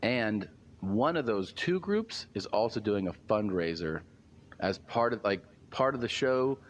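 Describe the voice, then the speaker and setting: A comedian telling a story in casual chat, rambling and animated. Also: male voice, on the low side, a little slow, slight background noise. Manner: rambling, filler-heavy, animated retelling.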